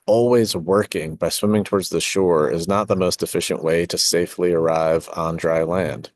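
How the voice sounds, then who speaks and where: A middle-aged man, a podcast host and design teacher, reading his own essay aloud in a reflective way, with asides and self-corrections. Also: sits low.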